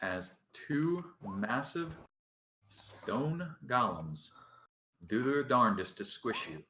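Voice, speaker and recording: A man running a tabletop game, his bright voice moving up and down a lot while he speaks slowly. He sounds relaxed and laughs easily, recorded in a roomy, echoey room. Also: medium pitch, slight background noise. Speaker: dungeon master.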